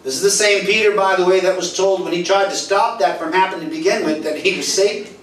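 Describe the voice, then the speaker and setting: A male pastor preaching a sermon, telling stories and acting out dialogue, his voice swinging from loud to soft. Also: high-pitched, steady tone, fast. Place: church hall. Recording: roomy echo, voice from far off, faint ambience.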